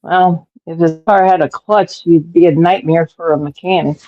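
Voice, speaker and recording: A woman in casual chat who gossips excitedly and leaps up in pitch when quoting others. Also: moderate pace, highs cut off. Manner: excitable, gossipy, big pitch swings in quotes.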